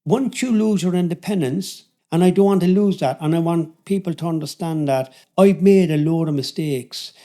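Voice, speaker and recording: A man's voice: on the high side, dark tone. A man in his seventies with a Cork Irish accent, telling his story casually as a podcast guest, rambling and restarting his sentences. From Ireland. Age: 70s. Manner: rambling, self-interrupting, friendly. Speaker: podcast guest, fitness coach.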